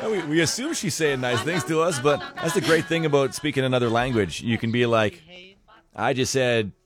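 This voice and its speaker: A man's voice: mid-range voice, expressive, a little fast. A man co-hosting a morning radio show, talking in casual, playful banter and laughing often.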